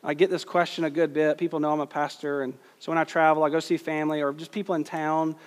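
A male pastor delivers an earnest sermon, leaning hard on key phrases and slowing for quotes. His voice sits a little high for a man. A long hall reverb trails each line. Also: little pitch movement. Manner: earnest, emphatic preaching with slow stressed quotes.

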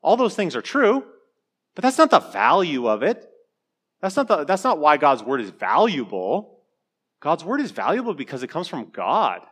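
A young man preaching a sermon in a relaxed, chatty way, full of joking asides. His voice sits a little on the high side for a man. He often stops and restarts his sentences. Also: moderate pace, slightly rough. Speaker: pastor.

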